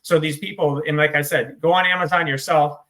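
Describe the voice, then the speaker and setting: Blunt, bright-voiced American man in recovery. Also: on the high side, steady tone, fairly quick, a little hiss or hum. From United States. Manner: blunt, swearing, self-deprecating. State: choked up. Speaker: interview guest, author in recovery. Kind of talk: candid interview storytelling.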